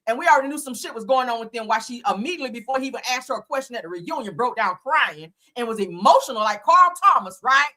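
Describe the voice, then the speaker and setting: A woman's voice: on the high side, lively intonation, fast talker, few pauses, bright, forceful tone. A woman hosting a casual gossip show, talking bluntly and profanely in a fired-up way. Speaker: host.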